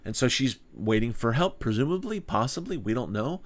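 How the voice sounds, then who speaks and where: A man's voice: mid-range voice, sing-song, fairly quick. A man teaching a small group Bible study in an earnest, conversational way, asking rhetorical questions.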